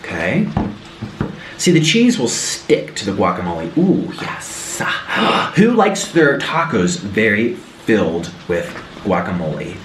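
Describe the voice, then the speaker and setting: A man's voice: lowish voice, sing-song, slow, fairly bright tone, a little hiss or hum. A young man chatting through a home cooking vlog, telling family stories with gasps and mimicked voices. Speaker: food vlogger. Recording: roomy, slightly distant mic.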